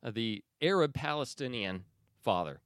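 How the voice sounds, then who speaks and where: A man hosting a news commentary podcast, opinionated and sarcastic, often pausing with fillers and restarts. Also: medium pitch, animated, clear, resonant tone, no room sound, clean studio sound. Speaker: podcast host.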